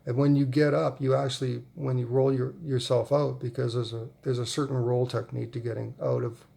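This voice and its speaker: Man, forties, gravelly and mellow, rambling storyteller who chuckles through his anecdotes. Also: medium pitch, little pitch movement, brisk. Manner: rambling, amused, laughs often. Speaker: vlogger. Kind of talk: casual storytelling.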